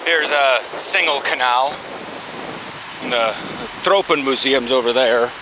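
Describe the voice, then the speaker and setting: A man talking casually and joking as he walks through a city and park, speaking into a handheld camera. He swears freely, and his voice is loud and booming. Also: a little slow. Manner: chatty, joking, swears often. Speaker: vlogger. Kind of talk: casual walking vlog chat. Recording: street noise and passing traffic. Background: traffic and trams.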